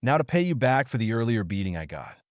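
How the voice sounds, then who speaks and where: A man's voice: medium pitch, big pitch swings, quick pace, no room sound, clean studio sound, lightly acted. A man voicing a cocky, taunting male villain mage who boasts and gloats. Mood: gloating.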